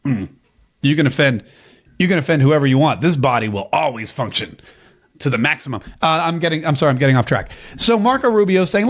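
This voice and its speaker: A man hosts a call-in political commentary show, riffing in a loose, sarcastic way. His voice sits a touch high, and his speech is full of fillers and false starts. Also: expressive, quick pace. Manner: rambling, sarcastic, lots of filler words and restarts. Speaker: political talk show host.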